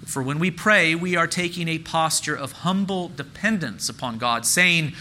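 A man's voice: a little high, normal speed, hardly any pauses, sharp tone, slight background noise, rough recording. A man preaching a sermon as pastor, earnest and emphatic, repeating key phrases and lifting his voice on questions.

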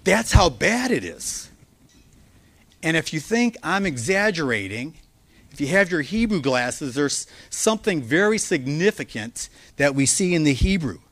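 A male pastor preaching a sermon, earnest and emphatic, slowing down to stress key words. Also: fairly high pitch, big pitch swings, a bit bright, dry recording. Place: church.

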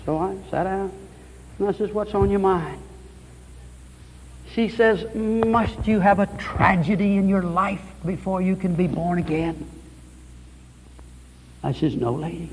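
A man's voice: high-pitched, a little slow, pauses often, in a large hall, a little hiss or hum, rough recording. A man preaching a radio sermon, telling a conversion story and quoting the people in it, building to fervent peaks. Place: church or hall with pulpit.

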